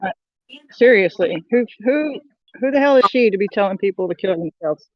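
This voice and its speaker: A mid-pitched caller comes through a dull, muffled voice-call line. They talk bluntly and swear freely. The sound is dry, with no room around it. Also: expressive, moderate pace, no echo. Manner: blunt and profane. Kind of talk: casual voice chat.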